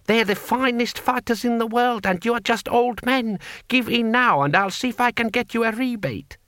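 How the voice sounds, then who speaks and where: A man voicing an anxious, fussy male tax gatherer, high and slow. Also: bright, forceful tone, no room sound, studio quality. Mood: alarmed.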